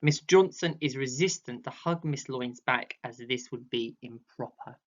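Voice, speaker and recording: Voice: medium pitch, a little slow. A drama teacher, giving a recorded online lesson and acting out vocal examples as they explain. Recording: dull lo-fi sound.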